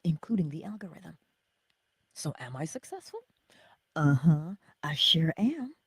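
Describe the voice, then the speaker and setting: Husky, animated woman giving a pep talk. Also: low voice, unhurried, dry recording, clean studio sound. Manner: animated, laughing, talks to chat. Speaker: livestream host. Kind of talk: motivational livestream talk.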